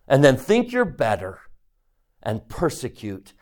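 Animated male scripture teacher, mid-range voice, punchy rhetorical questions. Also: medium pitch, unhurried. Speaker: religious teacher. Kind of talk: scripture lesson, reading a picture book aloud.

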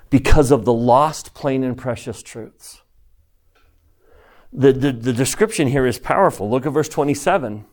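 A man's voice: mid-range voice, measured pace, darkish tone. A man teaching a scripture class, who keeps asking his students questions and repeats key phrases for emphasis. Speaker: religion teacher.

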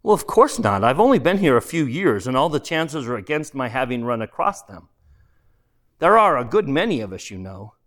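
Vain, fretful painter's ghost, read by a man, peevish and self-important, lively pitch. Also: normal speed. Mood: puzzled.

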